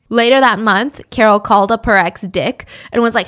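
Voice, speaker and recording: A young woman tells a true-crime story in a loose, chatty way, dropping sarcastic asides as she goes. Her voice sits fairly high and stays conversational throughout. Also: normal speed, hardly any pauses, a bit bright.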